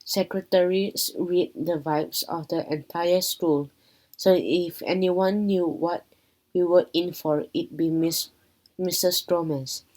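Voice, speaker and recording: A woman reading a children's chapter book aloud in a plain, unhurried storytelling manner. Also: lowish voice, steady tone, a little mellow, low-quality recording. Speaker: reader.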